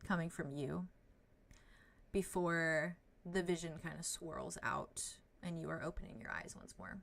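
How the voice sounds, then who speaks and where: Woman game master, lower voice. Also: unhurried, creaky, fairly bright tone. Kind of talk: narrating a tabletop game.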